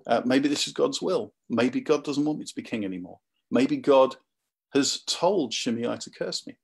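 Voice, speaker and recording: Preacher putting on a grave ancient king, husky, earnest, unhurried. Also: medium pitch. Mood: solemn.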